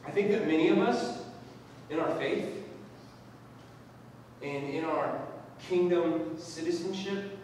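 Male pastor, storytelling sermon delivery, fairly high voice, distant mic in a reverberant hall. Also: slow, long pauses, a little hiss or hum. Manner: conversational storytelling, animated. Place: church hall. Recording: echoey hall, voice from afar.

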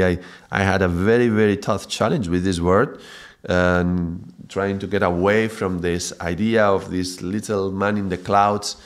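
Here a low-voiced male teacher of yoga and mantra speaks in a video lesson. He comes across as thoughtful and reflective, with the occasional excited laugh breaking through.

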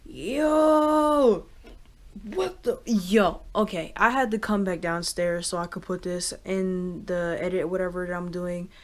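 A woman vlogging casually, rambling with many fillers and getting excitable. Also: fairly low pitch, normal speed, hardly any pauses. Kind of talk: casual reaction vlog.

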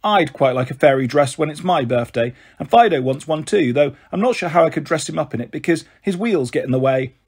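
A man voicing a cheerful, blunt young boy who speaks excitably. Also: a little high, fairly quick, few pauses, breathy edge. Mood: excited.

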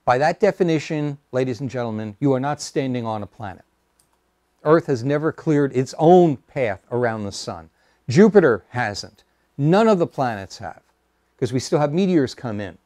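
A man's voice: medium pitch, lively intonation, moderate pace, warm tone, no room sound. A man giving an informal lecture to an astronomy club, hesitant with many fillers, mixing facts with wry asides. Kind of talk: public lecture with slides. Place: meeting room.

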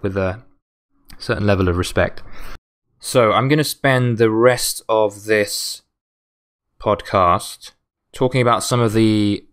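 A man's voice: low-pitched, clean tone. A man hosting a solo podcast, giving advice in an earnest, motivational way while sounding tired and losing his voice. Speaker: podcast host.

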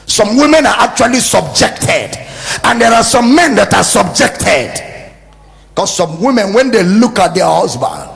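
A man with a Nigerian English accent preaches a humorous, animated sermon. His voice is gravelly and fairly high, and it rises and falls widely as he turns his points into little acted scenes. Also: unhurried, soft background music. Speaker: pastor. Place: church service.

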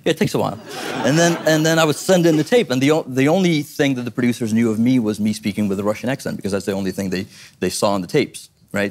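Animated male actor telling anecdotes. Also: medium pitch, fast, slight background noise. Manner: animated storyteller, laughing, self-interrupting. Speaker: actor guest. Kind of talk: talk-show anecdote. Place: TV studio.

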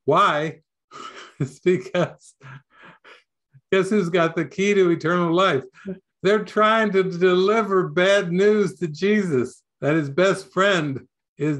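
A man's voice: fairly high pitch, fairly bright tone. An older man teaching a spiritual talk, storytelling playfully and laughing often. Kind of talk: sermon.

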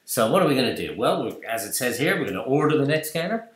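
A man presenting a screen-recorded software tutorial, chatty and explanatory, asking and answering his own questions. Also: mid-range voice, big pitch swings, fast. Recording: roomy echo.

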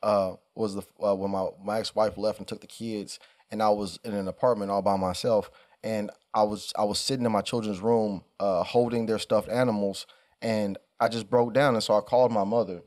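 A man's voice: fairly low pitch, steady tone, normal speed, darkish tone. A man co-hosting a podcast, talking in a casual, emphatic and preachy way with plenty of swearing. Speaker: podcast co-host.

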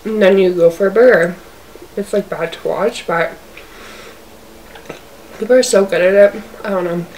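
At normal speed, with long pauses and a medium-pitched, darkish voice, a mukbang vlogger chats loosely while eating in her apartment, filling her speech with "like." The sound comes from the camera's own mic, zoomed out, with a faint hiss.

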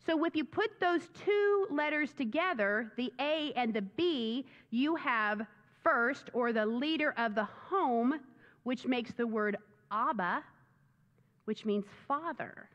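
A woman pastor preaching a sermon in an animated, enthusiastic way. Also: high voice, slow. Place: church sanctuary. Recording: dull sound with long reverb in a church.

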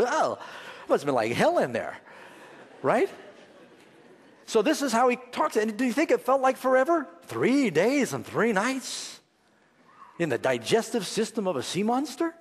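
Middle-aged male preacher in reverberant hall. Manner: animated, rhetorical questions, pitch leaps for emphasis. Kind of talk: sermon.

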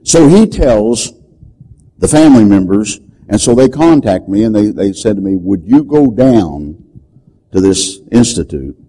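An older man preaching, telling a story dramatically and shouting the commands he quotes. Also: lowish voice, animated, a little slow, slight background noise, low-quality recording. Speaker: deliverance preacher. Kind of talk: storytelling sermon.

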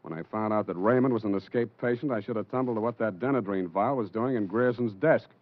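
An actor playing a wisecracking, hard-boiled private eye who narrates in a dry, clipped way, 1940s radio drama. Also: male voice, fairly low pitch, quick pace, no room sound, natural voice. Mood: narrating. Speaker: narrator and lead. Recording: dull old radio broadcast with music.

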